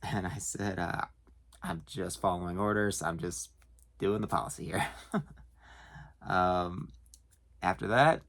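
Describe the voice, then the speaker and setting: Deep-voiced man telling work stories. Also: fairly bright tone. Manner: chuckling, hesitant with many fillers. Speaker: storage facility worker. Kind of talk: casual storytelling to camera.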